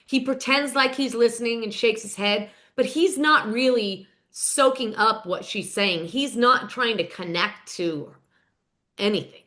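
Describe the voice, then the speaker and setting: A woman with a bright, forceful, somewhat high voice recaps reality TV in casual, opinionated commentary. She talks in a chatty, gossipy way and is blunt with her judgments. Her delivery stays punchy from line to line. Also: unhurried.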